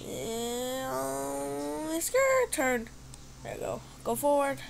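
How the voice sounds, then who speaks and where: Excitable woman squealing over a game. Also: sits high, drawn-out words, creaky. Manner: excitable, squeals and cheers, talks to opponents. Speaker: gamer commentating her play. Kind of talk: casual gameplay commentary.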